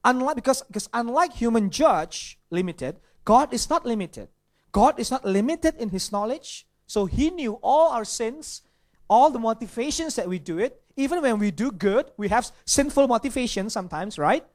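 Pastor preaching in English. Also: male voice, very high-pitched, animated, normal speed. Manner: asks the audience questions, with some Indonesian asides. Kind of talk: sermon.

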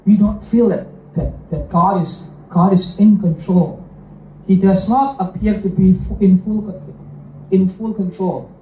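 A man's voice: sits high, fairly even intonation, measured pace, mellow, a little hiss or hum. A man preaching a bilingual sermon, emphatic and repetitive, often checking in with the congregation. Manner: emphatic, repeats phrases, checks in with "okay?" and "right?". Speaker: pastor. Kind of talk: bilingual sermon with own interpreting. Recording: echoey hall, voice from a distance.

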